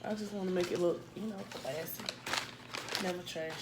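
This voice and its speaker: A woman's voice: fairly low pitch, fairly even intonation, normal speed, very noisy. A woman chatting casually to viewers while eating, talking them through the food at home. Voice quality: chatty, addresses viewers as y'all. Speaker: family vlogger. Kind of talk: casual mukbang chat.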